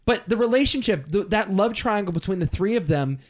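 Guy cohosting a movie podcast, super lively up-and-down voice, swears casually. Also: high voice, a little fast. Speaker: podcast co-host.

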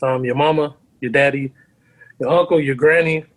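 A man's voice: medium pitch, steady tone, normal speed. A man co-hosting a casual podcast, hyped and joking and swearing freely. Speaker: podcast co-host.

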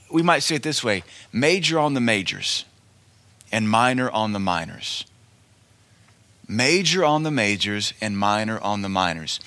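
A man's voice: mid-range voice, bright, forceful tone. A man preaching a sermon in an emphatic, folksy way, repeating his key lines and telling stories.

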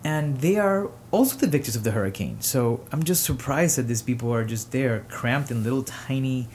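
A man hosting his own show, giving personal commentary with emotion, pausing often and rising to indignation. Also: medium pitch, darkish tone, a little hiss or hum. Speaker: podcast host.

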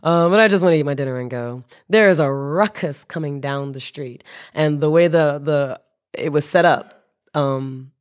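A woman telling a story as a podcast guest, animated, laughing and restarting her sentences. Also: deep voice, normal speed. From United States. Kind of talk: casual storytelling.

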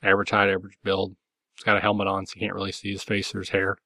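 A man's voice: sits low, completely flat delivery, rapid-fire, pushed and bright, no room sound. A man narrating a tabletop game as game master, loose and rambling with many fillers.

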